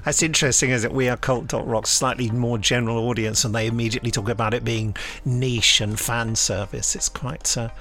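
A playful man co-hosts a chatty podcast, reading reviews aloud and struggling not to laugh. His voice sits at an ordinary middle pitch. Faint music plays quietly behind him. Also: steady tone, fairly quick, hardly any pauses. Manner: giggly, playful, keeps breaking into laughter. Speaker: podcast co-host. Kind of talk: casual chat reading out reviews.

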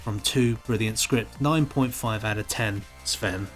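A man's voice: on the low side, measured pace, soft background music. Man reading reviews, playful chat. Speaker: podcast co-host. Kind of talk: casual chat.

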